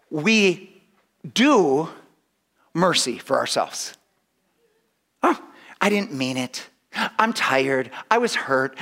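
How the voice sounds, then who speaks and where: Preaching a sermon, this male pastor has a high, animated voice that rises and falls. He laughs a lot and performs small character voices, breaking off and restarting sentences on his way to a point.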